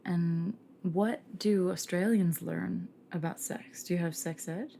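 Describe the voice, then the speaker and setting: A woman's voice: on the low side, takes it slowly, warm tone, slight background noise. A woman hosting a podcast, flirtatious and wry, talking while lying in bed. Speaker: podcast host. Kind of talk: scripted intro narration and casual interview chat.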